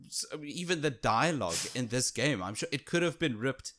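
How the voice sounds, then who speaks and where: A man's voice: medium pitch, lively intonation, normal speed, a bit bright. A man co-hosting a casual podcast chat, gushing with enthusiasm. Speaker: podcast co-host.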